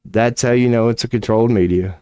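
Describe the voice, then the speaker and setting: A man's voice: medium pitch, a little fast, warm tone, smooth, dry recording, clean studio sound. A man streaming, giving casual ranting commentary, profane and incredulous, laughing often.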